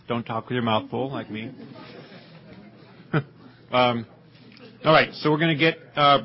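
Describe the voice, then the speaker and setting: A man's voice: mid-range voice, highs cut off, slight background noise. A man facilitating a group meeting, making upbeat, joking announcements to the room.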